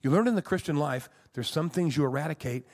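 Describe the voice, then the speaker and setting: A man in his sixties, a pastor preaching a sermon with emphatic swings between loud and soft. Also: a little high, animated, fast.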